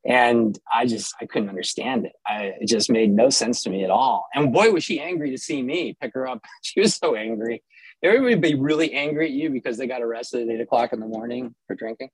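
A man's voice: medium pitch, brisk, slightly rough, dry recording, poor audio. A middle-aged man from Southern California telling a personal story with wry, self-mocking humor and frequent restarts.

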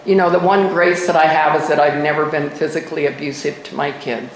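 An older woman gives candid testimony at a meeting microphone, poking fun at herself as she tells her story. Her voice sits at a middling pitch and rings around an echoey room. A faint hiss of noise sits under it. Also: steady tone, a little fast. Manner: candid, self-mocking storytelling with wry humor. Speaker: speaker sharing at a recovery meeting. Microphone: microphone at a podium.

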